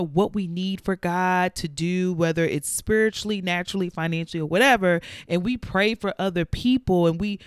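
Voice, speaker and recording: A woman's voice: mid-range voice, clear, resonant tone, no room sound, studio quality. A woman hosting a faith podcast, talking candidly and reflectively about her own struggles in a confessional monologue. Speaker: podcast host.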